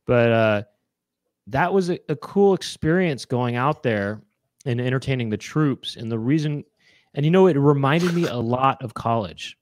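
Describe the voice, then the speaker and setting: A man's voice: medium pitch, animated, moderate pace, no echo. A man, a comedian hosting a show, chatting casually in a rambling, jokey way. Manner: rambling, lots of fillers and restarts, jokey. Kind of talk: casual chat.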